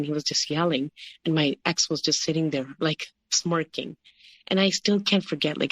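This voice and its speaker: Halting woman telling a painful story. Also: low-pitched, dry recording. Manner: halting, heavy use of "like" and "you know". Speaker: guest. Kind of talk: personal story in an interview.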